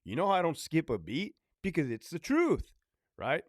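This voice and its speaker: A man's voice: on the high side, wildly swooping pitch, normal speed, dry recording, studio quality. A former prison officer telling stories in a casual monologue, blunt and profane, hammering his points by repeating them. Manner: blunt, profane, repetitive ranting.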